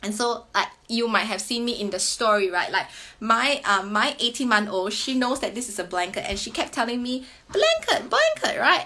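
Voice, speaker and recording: A woman's voice: fairly high pitch, bright, forceful tone. A woman in her thirties chatting casually to camera about reading with children, sing-song and teacher-like, often ending sentences with "right?". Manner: chatty, ends many sentences with a questioning "right?". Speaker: parent sharing reading tips. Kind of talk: casual explanatory talk to camera.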